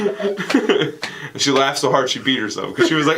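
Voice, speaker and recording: A man's voice: mid-range voice, expressive, brisk, bright, forceful tone. Young guy rambling and cursing through podcast stories, laughs a lot, faint hiss behind. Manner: rambling, profane storytelling with frequent laughs. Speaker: podcast co-host. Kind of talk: casual podcast banter.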